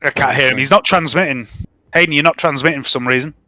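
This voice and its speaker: A man's voice: mid-range voice, fast talker. A man running a tabletop game, narrating casually with lots of ums and swearing. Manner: rambling, profane, many ums. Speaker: game master.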